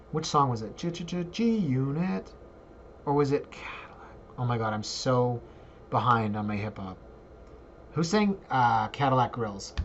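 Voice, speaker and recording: A man's voice: fairly bright tone, a little hiss or hum. Brief: 40s male realtor, chatty and joking, walks viewers through listings, somewhat muffled home mic. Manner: joking, chatty, jumps into squeaky asides. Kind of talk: casual screen-share talk.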